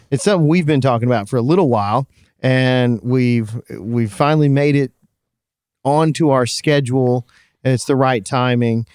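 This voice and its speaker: A man's voice: mid-range voice, a little mellow, clear, resonant tone, dry recording, studio quality. A man co-hosting a podcast in casual chat, talking with a slight lisp, laughing often and restarting his sentences. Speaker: podcast co-host.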